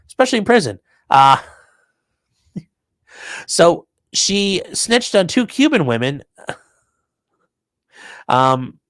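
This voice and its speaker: In a dry recording, a man with a fairly high voice hosts a laid-back stream. Reading off viewer messages, he riffs on the news with crude, throwaway humor.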